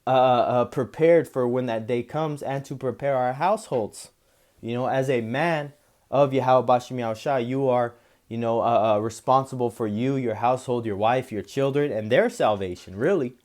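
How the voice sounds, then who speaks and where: A man's voice: medium pitch, darkish tone. Man in laid-back Bible commentary. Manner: slow solemn reading, then loose casual talk with frequent "you know" and "man". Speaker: preacher. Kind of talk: scripture reading with commentary.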